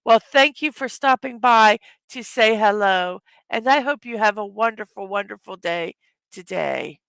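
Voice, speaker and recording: A tired, hoarse woman hosting a casual morning livestream, greeting her chat viewers one by one. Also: mid-range voice, unhurried, fairly bright tone, dry recording. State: tired from little sleep. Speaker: livestream host.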